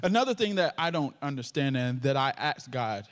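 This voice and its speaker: A man's voice: mid-range voice, animated, moderate pace. A man preaching a sermon with a stutter, joking playfully with the congregation. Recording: long hall reverb.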